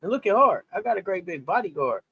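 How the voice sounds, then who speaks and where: A man with a very high voice trades teasing jokes as the guest on a casual sports livestream. His banter comes in quick, playful bursts. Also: very animated, bright, forceful tone, muffled recording, slight background noise. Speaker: guest co-host.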